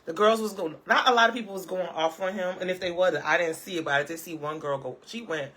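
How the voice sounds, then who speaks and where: A woman's voice: fairly low pitch, fast, a bit bright. A woman vlogger chatting casually in a live stream from home. She sounds sassy and emphatic, often tagging her points with "okay?" and breaking into laughter. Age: adult, parent of a school-age child. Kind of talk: casual live-chat commentary.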